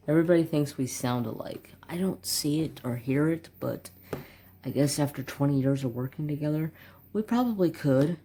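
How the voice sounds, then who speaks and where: A man's voice: on the high side, normal speed, warm tone, slight background noise. A man in his forties chatting casually as a craft channel host, rambling and joking with muttered asides while swatching markers at his home desk.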